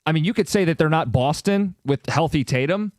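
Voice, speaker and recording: A man's voice: a little high, lively intonation, brisk, darkish tone, dry recording. A man hosting sports talk radio, opinionated and wry, with sarcastic asides, speaking into a studio microphone.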